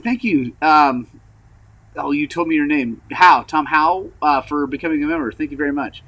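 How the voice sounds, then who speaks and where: A man hosting a motorcycle channel in casual rambling vlog chat, frank and frustrated, with lots of fillers and throat clearing, recovering from an injury. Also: on the high side, normal speed, fairly bright tone, poor audio. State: recovering from injury, wearing a brace.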